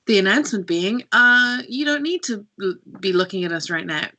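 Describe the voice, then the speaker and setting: A woman's voice: medium pitch, lively intonation, fairly quick, sharp tone. An Irish woman co-hosting a tabletop game stream, giving chatty, giggly announcements. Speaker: co-host. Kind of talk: casual announcements.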